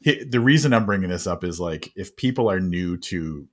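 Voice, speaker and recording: A man with a low, deep voice hosts a relaxed interview. He sounds eager and engaged, and laughs readily. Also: normal speed. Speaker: podcast host. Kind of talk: casual interview.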